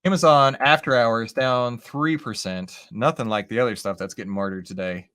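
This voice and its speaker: A man's voice: medium pitch, normal speed. A man hosting a live stock-trading stream, chatting casually to viewers as he walks through charts and often asks "right?". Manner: lively, animated, talks with chat and charts; says "right?" and "okay?" often. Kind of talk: casual live market commentary.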